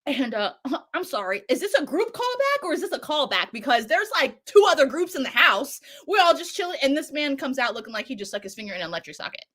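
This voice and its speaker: A woman co-hosting, recapping a show in a casual, animated way, swearing and acting out lines. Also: high-pitched, fast talker. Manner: animated, swears a lot, acts out quotes. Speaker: show co-host recapping a series.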